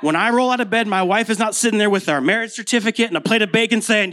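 A pastor in his thirties speaks quickly in a high, pushed, bright voice, with lively intonation and barely any pauses. His American-accented sermon is informal, full of stories and rhetorical questions.

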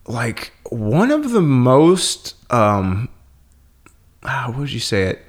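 A young man in casual podcast chat, rambling, swearing a lot and laughing often. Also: medium pitch.

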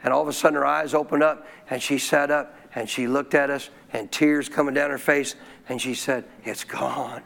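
A male pastor telling a story in a sermon, folksy and animated, often clearing his throat. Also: mid-range voice, a little fast, hardly any pauses.

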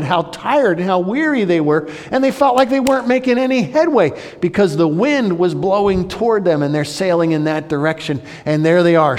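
A male pastor preaching a sermon, dramatic, swinging between loud, high outbursts and hushed, low passages. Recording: long hall reverb.

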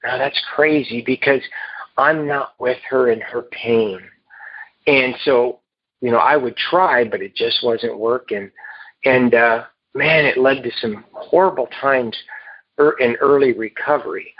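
A man telling his recovery story to a meeting in a halting, earnest way, heard over a phone. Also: mid-range voice, breathy edge, dry recording. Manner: halting and earnest, with repeated restarts. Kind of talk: personal recovery story told to a group. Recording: muffled phone line.

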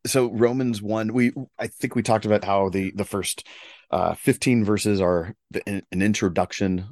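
A man with a low, deep voice leading a relaxed conversation about scripture and posing questions to his co-host. The sound is close and dry. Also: normal speed, no echo. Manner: relaxed, asks questions and guides the discussion. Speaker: podcast co-host. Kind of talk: conversational Bible discussion.

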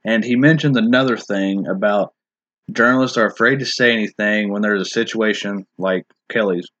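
A man's voice: lowish voice, moderate pace, fairly bright tone, no room sound, highs cut off. A man in a casual discussion, talking in a rambling, hesitant way with many restarts and filler words.

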